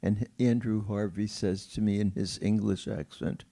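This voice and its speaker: A man's voice: on the low side, fairly even intonation, vocal fry. An older man, a pianist, telling stories at a film Q&A in a theater, chuckling and acting out quoted voices. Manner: slow, warm storytelling with laughter and quoted voices. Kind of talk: storytelling at a film Q&A.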